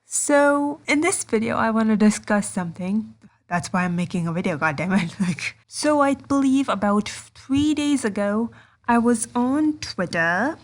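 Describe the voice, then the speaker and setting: A woman's voice: on the high side, animated, measured pace. A young woman vlogging casually to her viewers, rambling and self-conscious, with frequent laughs and restarts. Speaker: YouTuber. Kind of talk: casual vlog commentary.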